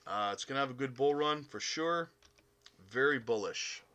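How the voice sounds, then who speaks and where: A Canadian man talks loosely through a live stream, reading chat and calling everyone buddy. His voice sits at an ordinary pitch but has a bright edge, and he fills gaps with plenty of uhs and ums. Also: animated, normal speed, lo-fi sound. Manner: upbeat, chummy, calls viewers buddy, many uh fillers. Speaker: crypto live stream host.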